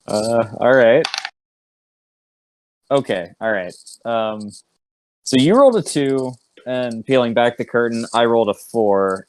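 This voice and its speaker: A man narrating as game master of an online tabletop game, relaxed, with many fillers and laughing asides. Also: fairly low pitch.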